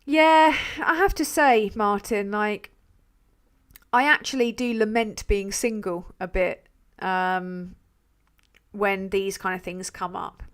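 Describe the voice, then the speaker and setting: A woman's voice: medium pitch, steady tone, slow, fairly bright tone, clean tone. Blunt, sweary woman streaming. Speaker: livestream host. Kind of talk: live-stream commentary and reading out viewer messages.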